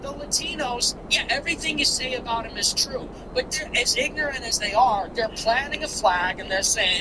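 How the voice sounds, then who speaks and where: A male show host delivers a political commentary monologue in a very high-pitched voice at a moderate pace, barely pausing. He rants with contempt, piling up repetitive, emphatic lists, over a noisy background.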